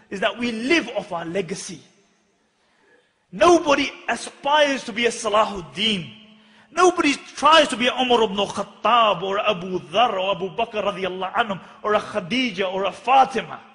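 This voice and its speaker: A man's voice: sits high, sharp tone. A male preacher giving a fiery sermon, impassioned and urgent, full of rhetorical questions. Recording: long hall reverb.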